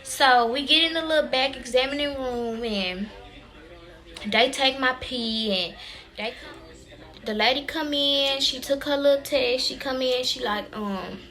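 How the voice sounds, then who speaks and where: Chatty young woman, bright voice. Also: sits high, a little slow. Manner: animated, chatty, addresses viewers as y'all. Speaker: vlogger. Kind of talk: casual storytelling to viewers.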